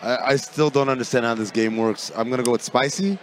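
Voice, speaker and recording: A man's voice: mid-range voice, fast talker, slight background noise. A man co-hosting a sports podcast, debating in a playful, mock-confident way. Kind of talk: casual sports debate chat.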